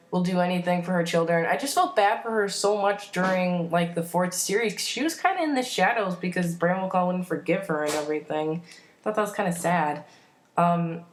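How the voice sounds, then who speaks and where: A woman rambling enthusiastically in a casual fan vlog, full of fillers and self-corrections. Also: fairly low pitch. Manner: enthusiastic, opinionated. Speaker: vlogger.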